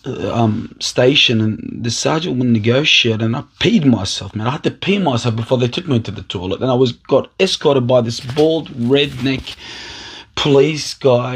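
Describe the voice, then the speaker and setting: Impassioned husky man ranting. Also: mid-range voice. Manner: impassioned, rambling, restarts and repeats words. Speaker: aspiring political candidate. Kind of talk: emotional personal monologue.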